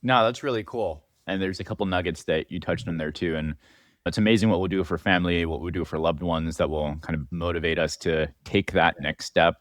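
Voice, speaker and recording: A man's voice: low voice, steady tone, brisk, no echo, clean studio sound. A man hosting a podcast, asking questions in an upbeat, encouraging way. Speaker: podcast host. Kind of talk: interview host.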